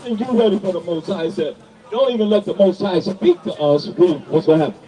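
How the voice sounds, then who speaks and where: Male street preacher, fiery sermon, high mellow voice, distant mic. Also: animated, fairly quick. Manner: preaching to passersby, calling out to the crowd.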